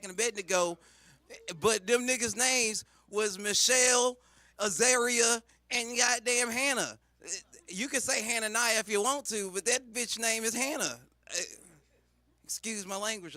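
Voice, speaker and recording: High, bright profane comedian. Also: male voice, dry recording. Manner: preachy mock-sermon call-outs. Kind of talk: profane stand-up riff.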